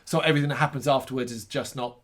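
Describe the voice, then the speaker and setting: A man's voice: mid-range voice, fairly even intonation, rapid-fire. A man co-hosting a casual film review podcast, sarcastic and swearing freely, with mocking asides. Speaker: podcast co-host.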